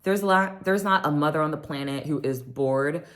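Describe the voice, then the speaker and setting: A woman's voice: sits low, moderate pace. A woman recapping a reality show in a chatty way, with lots of "um"s, often acting out what others said. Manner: chatty, many fillers, acts out quotes. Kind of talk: casual recap chat.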